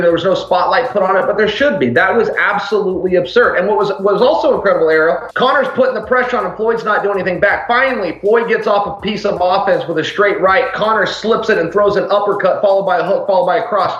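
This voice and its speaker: A man giving an interview, retelling a fight blow by blow in an emphatic, fast way. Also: sits high, fairly bright tone. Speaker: MMA fighter and commentator being interviewed. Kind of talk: animated interview answers. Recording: roomy, slightly dull sound.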